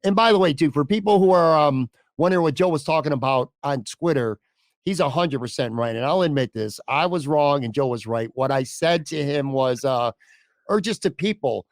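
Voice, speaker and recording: A man's voice: fairly high pitch, expressive, normal speed, no echo, studio quality. A man hosting a sports podcast, chatting casually, hedging his points and swearing offhand. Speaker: podcast host.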